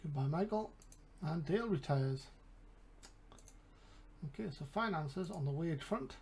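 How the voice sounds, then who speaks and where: A man's voice: a little high, lively intonation, measured pace, a little mellow, a little hiss or hum. A man with an English accent, casually commentating a game and thinking aloud with mumbled asides. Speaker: gaming channel host.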